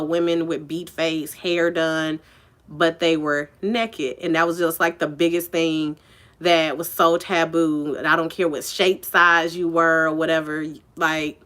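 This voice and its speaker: A woman's voice: low-pitched, a bit bright. A woman telling a personal story in a casual vlog, chatty and candid, full of "like" and "you know".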